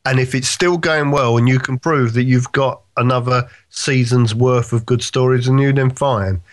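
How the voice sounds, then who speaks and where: A man's voice: medium pitch, steady tone, normal speed. A man in casual podcast chat, opinionated, holding forth and often checking in with "right?". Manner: opinionated, talks in long stretches with "right?" checks. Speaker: podcast co-host.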